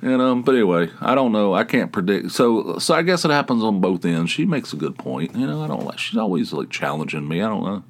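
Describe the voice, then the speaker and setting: A podcast host telling stories in a rambling casual monologue, griping with wry, crude humor. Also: male voice, lowish voice, very animated, brisk, hardly any pauses.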